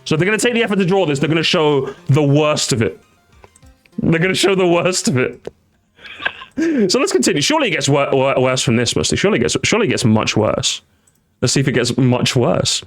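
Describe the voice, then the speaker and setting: A man's voice: a little high, sing-song, a little fast, soft background music. A young man doing casual stream reaction commentary, sarcastic and mocking, often restarting his sentences.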